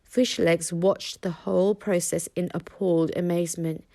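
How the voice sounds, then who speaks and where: A woman reading a children's book aloud in an expressive storytelling manner. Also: lowish voice, normal speed, vocal fry, no echo, studio quality. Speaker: reader. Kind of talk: children's audiobook narration.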